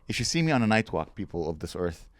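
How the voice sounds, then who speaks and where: A young man co-hosting a casual comedy podcast, telling stories with lively acted-out voices. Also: low voice, fast, no echo, studio quality. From Montreal, Canada. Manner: animated storytelling with acted-out voices and laughs.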